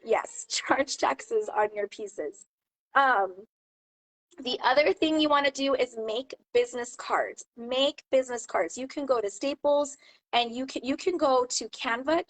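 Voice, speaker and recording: High-voiced chatty woman giving sales tips. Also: rough recording. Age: adult mom. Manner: chatty, animated storyteller acting out quotes. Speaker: jewelry seller and channel host. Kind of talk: casual advice talk to camera.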